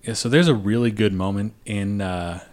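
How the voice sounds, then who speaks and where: Young guy co-host, lowish voice, jokey movie chat. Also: darkish tone. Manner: joking, quick asides, filler words. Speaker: podcast co-host. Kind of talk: casual chat.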